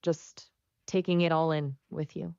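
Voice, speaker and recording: A synthetic woman's voice of an AI chat companion, replying in a polite, measured, slightly formal way. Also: low voice, little pitch movement, gravelly, warm tone, clear, resonant tone, no echo. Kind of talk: conversational AI reply. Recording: dull, lo-fi sound.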